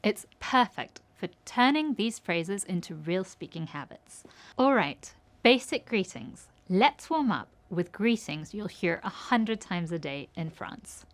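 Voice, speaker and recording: A woman's voice: medium pitch, animated, a little slow. A woman narrating a scripted language lesson, saying each phrase and then its translation, with short words of encouragement. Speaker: language teacher.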